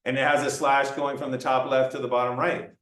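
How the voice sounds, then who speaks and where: A man's voice: mid-range voice, level tone, brisk, a bit bright. A man giving a classroom lecture in a playful way, acting out examples for students. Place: lecture room. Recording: roomy lecture room, mic far off.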